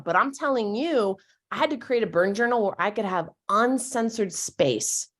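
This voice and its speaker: Gentle woman therapist, lowish voice. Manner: gentle, candid, coaching, casual wording. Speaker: therapist leading a webinar. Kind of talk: webinar talk with guided exercises.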